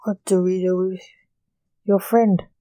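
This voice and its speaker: A woman voicing a calm, measured voice speaking through a drone, read slowly in a mellow tone. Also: fairly low pitch, no echo.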